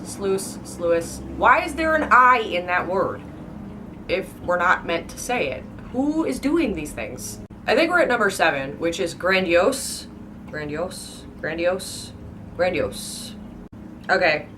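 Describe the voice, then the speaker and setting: A woman's voice: on the low side, big pitch swings, moderate pace, background noise. A woman book vlogger rambling casually and playfully, stretching out words and exaggerating how they sound. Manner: hyper, playful, exaggerated pronunciations.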